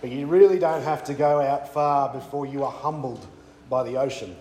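A man's voice: medium pitch, moderate pace, a little mellow. Australian man preaching in an echoey room. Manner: conversational, frequent fillers and restarts. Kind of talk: sermon. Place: church weekend away venue.

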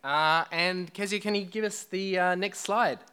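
A man's voice: high-pitched, steady tone, measured pace, sharp tone, smooth. A man preaching a sermon to a church congregation, chatty and joking with the people in front of him. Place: church hall.

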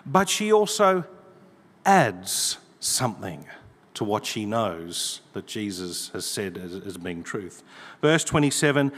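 A man's voice: lowish voice, huge pitch swings, measured pace, fairly bright tone. A man preaching a sermon, reading scripture aloud with emphasis. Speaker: pastor. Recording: long hall reverb.

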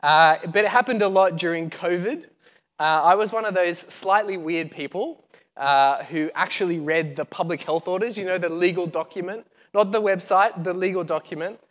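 A man's voice: high voice, moderate pace, a bit bright. A man preaching a sermon in a casual, joking way to his congregation, with a lapel mic in a church hall.

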